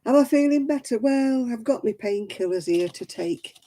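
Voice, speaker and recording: A woman's voice: a little high, expressive, moderate pace, dark tone, a little hiss or hum, poor audio. A woman hosting a casual crafting livestream, chatting to viewers by name in a self-deprecating way.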